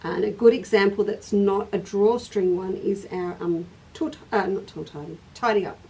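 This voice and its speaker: A woman's voice: medium pitch, fairly even intonation, moderate pace, dark tone. Chatty woman hosting a craft stream. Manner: chatty, laughing, reads out viewer comments. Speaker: craft shop host. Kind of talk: casual craft livestream chat. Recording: distant mic.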